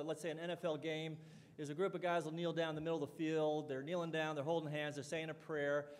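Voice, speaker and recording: A middle-aged man giving a conversational talk to an audience, telling stories and acting out the dialogue in them. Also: on the high side. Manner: conversational, storytelling, acts out quoted dialogue. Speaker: college president giving a talk. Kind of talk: public speech with anecdotes. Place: lecture hall or dining hall. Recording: long hall reverb.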